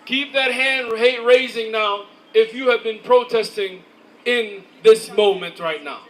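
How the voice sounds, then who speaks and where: A man giving an impassioned, shouted rally speech outdoors, rousing the crowd with call-and-response. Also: very high voice, a little slow, low-quality recording. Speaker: rally speaker.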